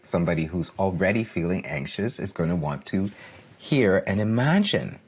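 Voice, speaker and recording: Male podcast guest coach, deep husky voice, emphatic and repetitive. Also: very animated, normal speed. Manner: emphatic, repeats key phrases, asks "right?" for agreement. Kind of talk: earnest podcast discussion.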